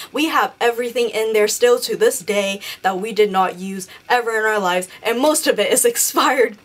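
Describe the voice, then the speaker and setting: A young woman telling a ghost story in a casual vlog, rambling and swearing constantly. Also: on the high side. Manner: profane, rambling, animated storytelling. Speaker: beauty vlogger.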